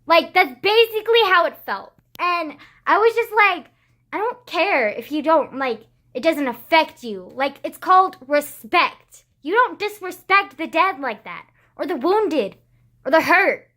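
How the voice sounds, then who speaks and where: A woman's voice: very high-pitched, lively intonation, a little slow, sharp tone. A teenage girl vlogging in casual chat, filling her talk with "like", sighing often and swearing bluntly. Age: teens. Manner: heavy use of "like" as filler, frequent sighs, blunt swearing.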